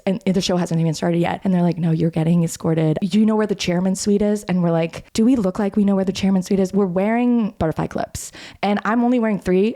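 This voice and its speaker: A woman in her thirties hosts her own show, telling a story in an animated, chatty way and addressing her listeners directly. She speaks at a medium pitch, recorded at home while sitting in a bathtub. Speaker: podcast host. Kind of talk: casual solo storytelling.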